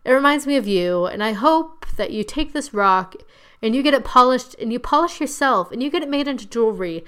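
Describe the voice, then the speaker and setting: A woman doing a theatrical teen girl, voice pitched up, earnest and tearful as she gushes. The tone is clear and smooth, more sweeping than the speaker's usual talk. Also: expressive, a little slow, sharp tone. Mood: earnest, gushing. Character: overly dramatic teenage girl giving a speech.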